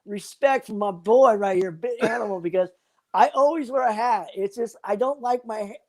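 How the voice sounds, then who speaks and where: A man's voice: sits high, moderate pace, a little mellow. An older man joking and rambling profanely as a guest on a live stream, calling in from his phone. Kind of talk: casual live-stream chat.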